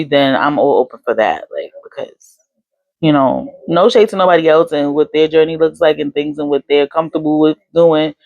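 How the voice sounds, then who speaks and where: A woman's voice: low-pitched, darkish tone, no room sound, highs cut off. A young adult woman vlogging casually, chatty with lots of fillers. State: hiccups. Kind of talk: casual chat.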